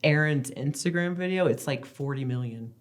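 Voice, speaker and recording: A woman in her thirties, a guest in a casual interview, telling family stories in a chatty, animated way. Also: low voice, moderate pace. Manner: chatty, animated storytelling with acted-out quotes. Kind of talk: casual chat.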